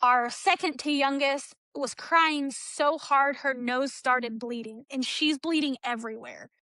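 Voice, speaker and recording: Female interview guest from Texas, high and bright, retells a hard personal story and voices the other people in it. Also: unhurried, no room sound. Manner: storytelling, acts out quoted dialogue. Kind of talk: emotional personal account.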